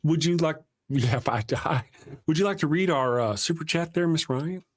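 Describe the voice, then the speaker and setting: A man's voice: a little high, lively intonation, moderate pace, slight background noise. A man from Texas, co-hosting a casual live stream, joking and reading the chat aloud. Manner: joking, drawling asides, reads chat aloud. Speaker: co-host.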